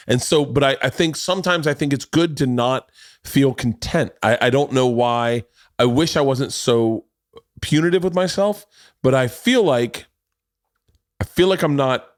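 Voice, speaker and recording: A man's voice: medium pitch, dry recording, clean studio sound. A man in his forties hosting a podcast, telling rambling, self-deprecating stories full of restarts. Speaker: podcast host. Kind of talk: casual podcast conversation.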